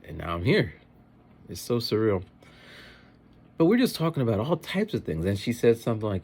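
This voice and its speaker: Guy rambling on in his vlog, husky lowish voice, swoops around a lot. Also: moderate pace, long pauses. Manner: rambling, animated storytelling. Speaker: teacher. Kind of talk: casual vlog monologue.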